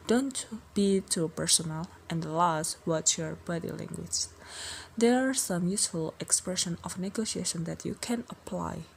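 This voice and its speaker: Give me a young woman presenting a scripted workplace training at a very unhurried pace, calm and methodical as she lists sample phrases. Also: fairly low pitch, vocal fry, a little hiss or hum. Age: young adult. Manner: measured, reads example phrases as a list. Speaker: trainer playing a company department head. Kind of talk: scripted role-play presentation.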